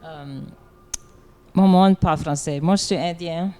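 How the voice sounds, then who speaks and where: Man, Louisiana accent, mellow, smooth voice, plain and steady. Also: fairly high pitch, measured pace. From Terrebonne Parish, Louisiana. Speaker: panelist. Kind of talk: bilingual speaking, French then English.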